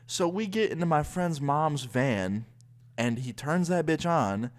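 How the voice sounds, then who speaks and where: A man's voice: fairly high pitch, expressive, a little slow. A young man telling a story to camera in a casual, chatty way, full of fillers. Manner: chatty, lots of fillers like 'like'. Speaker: vlogger.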